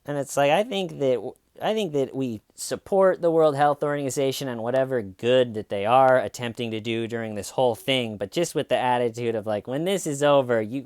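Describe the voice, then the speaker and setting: Man, casual true-crime monologue, indignant, filler-heavy, clear resonant tone. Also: medium pitch, a little mellow, dry recording, studio quality. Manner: conversational, indignant, many fillers and restarts. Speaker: podcast host.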